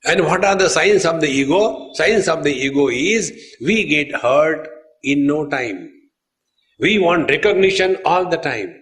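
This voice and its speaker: A man's voice: fairly high pitch, animated, a little slow, a bit bright. A man, a swami giving a spiritual discourse, telling stories unhurriedly and addressing his listeners as friends. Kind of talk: sermon on scripture.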